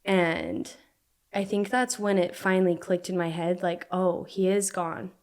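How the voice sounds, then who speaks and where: A young woman from Utah, a podcast guest telling a personal story in a halting way full of "like" fillers. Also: on the low side, fairly even intonation, darkish tone. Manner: halting, filler-heavy speech with frequent "like".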